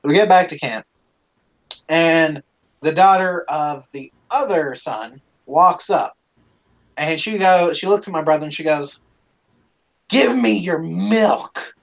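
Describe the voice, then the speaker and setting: A man's voice: a little high, a little slow. A man hosting a live stream, casually telling a rambling, profane story with plenty of swearing, on a dull lo-fi recording.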